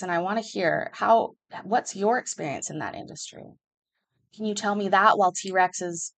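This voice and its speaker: A woman's voice: medium pitch, fairly bright tone. A woman hosting a live chat show, telling work stories in a candid, casual way, swearing freely and using many fillers. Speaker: livestream show host.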